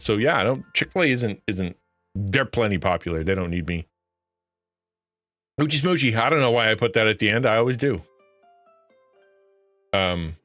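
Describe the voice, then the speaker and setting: A man streams and chats casually with his viewers, rambling and correcting himself as he goes. He often leaps up into a high, excited voice.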